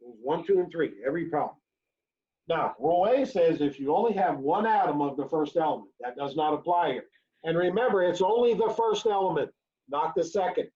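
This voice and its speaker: A brisk, slightly high male voice with lively intonation leads an intro chemistry lecture, recorded online during remote teaching at home or in a classroom. He works through examples, repeats key phrases, and keeps checking "right?", all on a dull lo-fi recording.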